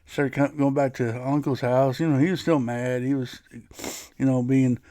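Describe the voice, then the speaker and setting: A man's voice: mid-range voice, steady tone, normal speed, warm tone, dry recording. A man hosting his own podcast, telling a personal story in a casual, rambling way, often restarting his sentences. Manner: rambling, frequent restarts and laughs. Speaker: podcast host.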